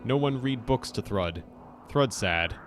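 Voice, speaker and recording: A man voicing a simple-minded, friendly male orc who talks in slow, broken phrases over game music. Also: medium pitch, lively intonation, a little hiss or hum. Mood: sad. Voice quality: halting broken speech.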